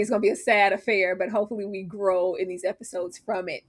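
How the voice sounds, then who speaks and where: A woman co-hosting a casual TV recap chat, animated and dramatic with laughing asides. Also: mid-range voice, fast, breathy edge. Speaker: podcast co-host.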